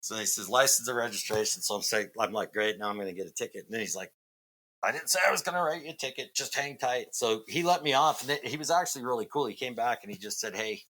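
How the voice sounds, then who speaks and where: Man, middle-aged, from Massachusetts, podcast guest, rambling storytelling, low pitch, bright forceful tone. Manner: rambling, many fillers and restarts. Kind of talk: casual storytelling.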